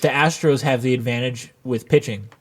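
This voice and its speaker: A man's voice: medium pitch, normal speed. A man co-hosting a casual podcast chat and earnestly explaining his sports predictions. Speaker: podcast co-host.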